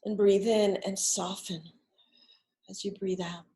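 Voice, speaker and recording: A middle-aged woman leading a gentle guided relaxation lesson, speaking softly and soothingly, with whispered exhales between instructions. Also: medium pitch, fairly even intonation, measured pace. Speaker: wellness instructor.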